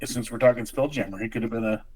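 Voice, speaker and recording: A man's voice: medium pitch, quick pace, slightly rough, rough recording. A man hosting a casual podcast chat, joking and laughing often. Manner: jokey, laughs often, lively exclamations. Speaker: podcast host.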